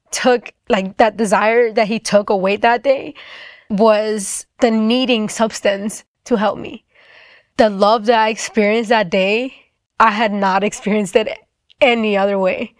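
A woman's voice: on the high side, no room sound, clean studio sound. A young woman telling her personal faith story in an earnest, reflective way, acting out what people said. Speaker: testimony speaker.

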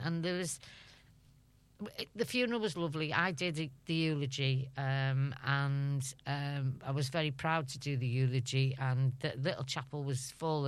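This chatty interview guest is a middle-aged Scouser from Liverpool who laughs a lot as she spins her stories. Recorded dry, her voice is very deep yet a bit bright, clear and resonant.

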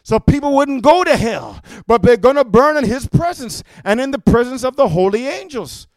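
A man delivers a fiery sermon in a high, smooth, resonant voice. He keeps checking in with "amen?" and works himself up to shouting. The sound is dry and close. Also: lively intonation, moderate pace, no echo. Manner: punctuates with "amen?", builds to shouting. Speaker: preacher.

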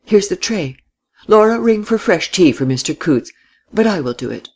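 A reader putting on a doddering old man, high quavering voice, fussy, babbling, storybook. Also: expressive, normal speed, a little mellow, husky, heavily acted. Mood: fussing. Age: older. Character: doddering, babbling old gentleman, genial and forgetful.

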